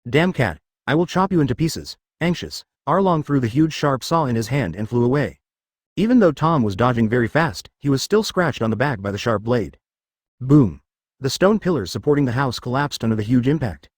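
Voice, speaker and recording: A male narrator reads a long fan fiction story aloud, a little fast, his mid-range pitch swinging widely. He keeps an even, steady cadence, reading page artifacts and sound words flatly, even over sound effects. The audio is dry with no room echo.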